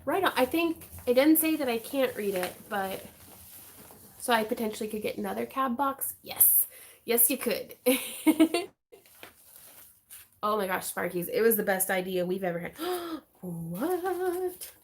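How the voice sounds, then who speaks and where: A woman hosting a craft livestream, chatting casually in a bubbly, excitable way with frequent giggles. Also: a little high, moderate pace, pauses often.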